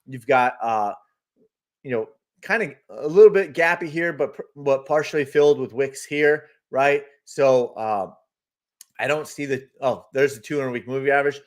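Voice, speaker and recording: A man with an ordinary mid-range voice hosts a live market stream. He talks casually and easily, greets his regulars by name and laughs often. His chart commentary comes across as a relaxed chat with the audience. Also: mid-range voice, normal speed. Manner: chatty, greets viewers by name, reads the chat; laughs easily, loose and talkative. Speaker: host of a live trading stream.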